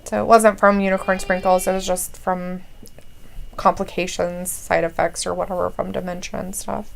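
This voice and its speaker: A woman's voice: on the low side, little pitch movement, moderate pace, gravelly, low-quality recording. A woman co-hosting a live wrestling watch-along stream, swearing bluntly and reading viewer comments aloud. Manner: profane, blunt, reads chat comments aloud.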